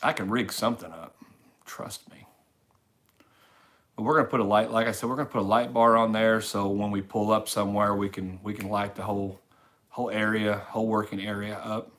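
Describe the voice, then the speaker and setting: A man's voice: on the low side, steady tone, fairly quick, fairly bright tone. A man hosting a casual late-night livestream, rambling easily and reading viewers' chat messages aloud. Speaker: livestream host. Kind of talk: casual live-stream chat reading comments.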